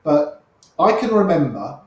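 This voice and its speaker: An older man, an interview guest, telling lively anecdotes and acting out the voices of the people in them. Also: a little high, measured pace, very echoey, low-quality recording. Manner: lively raconteur, acts out quoted voices. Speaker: interview guest, poker player. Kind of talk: anecdotal storytelling.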